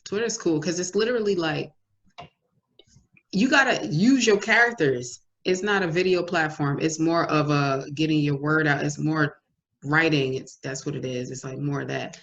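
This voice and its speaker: A woman co-hosting a podcast in casual chat, talking in a relaxed, conversational way and acting out how other people react. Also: deep voice, moderate pace, lo-fi sound. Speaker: podcast co-host.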